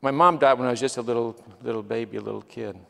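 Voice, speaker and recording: Speaking fast with some vocal fry, this man has a mid-range, fairly bright voice. As a guest missionary giving a testimony sermon, he tells earnest stories, quotes others, and lets his emotion swell. Long reverb from the church sanctuary fills the recording.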